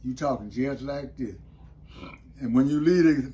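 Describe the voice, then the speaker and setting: A man's voice: medium pitch, normal speed, pauses often, warm tone, a little hiss or hum. An older man, telling about his time in prison in a loose, rambling way and often asking "you know what I mean". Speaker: interview guest, former prisoner. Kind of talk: casual storytelling interview.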